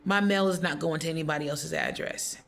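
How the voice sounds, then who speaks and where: A woman's voice: low voice, brisk, gravelly, a bit bright. A woman speaking straight to her viewers in an impassioned, defiant faith monologue, reciting affirmations one after another. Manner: defiant and declarative, repeating affirmations. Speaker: vlogger.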